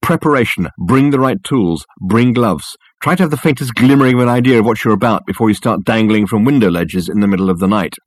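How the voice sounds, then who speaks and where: A man voicing a smug, eccentric male private detective who lectures in a pompous, crisp way. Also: fairly low pitch, fast, hardly any pauses, no echo, clean studio sound, natural voice. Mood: lecturing.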